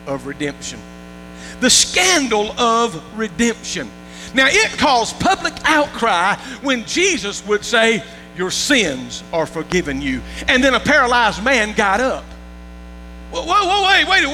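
A man's voice: very high-pitched, sharp tone. A man preaching a sermon as pastor, folksy, repeating words and checking that the congregation follows along. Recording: long reverb with faint music and mains hum.

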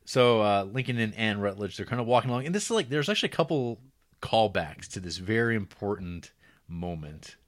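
A man's voice: fairly low pitch, animated, brisk. Laughing man recapping a movie. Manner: playful, laughs often, slips into mock folksy voices for quoted characters. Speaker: podcast co-host. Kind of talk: casual comedic movie recap.

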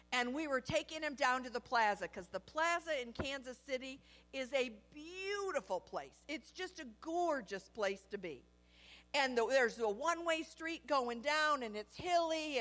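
A woman preaches to her congregation with a bright, ringing voice pitched a little high. She tells her stories in an animated, humorous way and laughs along with them. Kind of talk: storytelling sermon.

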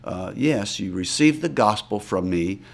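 A man's voice: on the low side, unhurried, gravelly. A man, a missionary guest telling stories in an interview and acting out the people he quotes. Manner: animated storyteller, acts out quoted voices. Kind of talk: storytelling interview answers.

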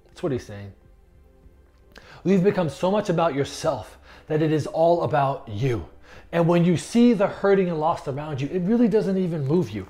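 A man with a notably high voice preaches a sermon. He talks in a conversational, emphatic way, often stumbling and restarting his phrases as he makes his points. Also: sing-song, normal speed, dark tone, soft background music. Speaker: pastor.

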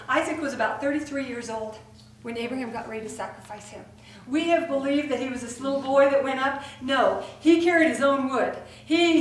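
High-voiced woman preaching in an echoey hall. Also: a little hiss or hum. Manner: animated, acts out voices in her retelling. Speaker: preacher at women's gathering. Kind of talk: sermon. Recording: echoey hall recorded from far off.

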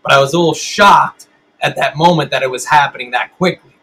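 A man's voice: fairly high pitch, brisk, sharp tone, husky, low-quality recording. A middle-aged man and band musician, telling stories in a casual interview with lots of swearing and rambling restarts.

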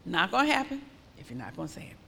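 Fervent woman preacher, bright voice. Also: fairly low pitch, sing-song, fast talker, creaky, slightly rough, in a large hall. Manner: fervent, repetitive declarations, rising to shouted praise. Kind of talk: sermon.

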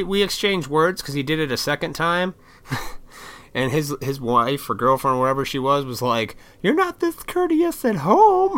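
Dude ranting to his camera, swears a lot, says what he thinks, bright forceful voice. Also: medium pitch, clean tone. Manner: blunt, profane, opinionated. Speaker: vlogger. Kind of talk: casual ranting monologue.

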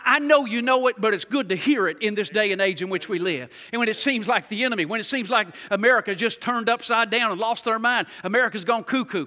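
Male pastor, sermon delivery with loud peaks and hushed lows; bright tone, long church reverb. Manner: preaching with rising shouts and quiet hushed passages. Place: large church sanctuary. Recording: reverberant hall.

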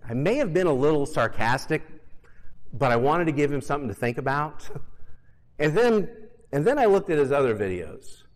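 Conversational preacher, slightly high voice. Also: male voice, big pitch swings, normal speed, long reverb tail. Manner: conversational, self-deprecating humor, emphatic repetition. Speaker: pastor. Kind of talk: sermon.

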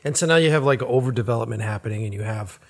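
A man from Boston talks as a podcast guest, with a husky, slightly rough voice. His talk is loose and rambling, and he drops profanity into nearly every sentence. He sounds like he's chatting with friends. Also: medium pitch, racing. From Boston, USA. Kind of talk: casual chat.

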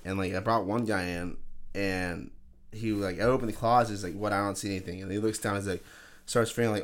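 A man's voice: on the low side, a little fast. A young man casually telling a crude story to friends on a podcast, swearing often and laughing as he goes. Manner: animated, swearing, laughing through stories. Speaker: podcast co-host.

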